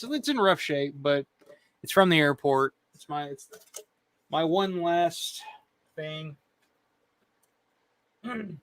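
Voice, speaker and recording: Hosting his channel's casual chat show, a man swears freely while telling a story, laughs a lot, and acts out people's quotes. His voice sits a little high and sounds smooth and a bit bright.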